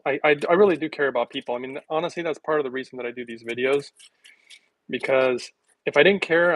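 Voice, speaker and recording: A man's voice: medium pitch, dry recording, poor audio. A middle-aged man from the United States chatting casually to his viewers at home. He rambles, chuckles often and pokes fun at himself. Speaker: vlogger.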